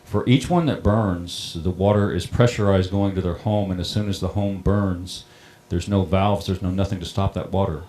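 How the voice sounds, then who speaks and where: A middle-aged man who runs a town water system recounts a personal story in a plain-spoken, halting way. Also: low voice, steady tone, dark tone. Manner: plain-spoken, halting, many ums and restarts. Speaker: water district operator on a panel.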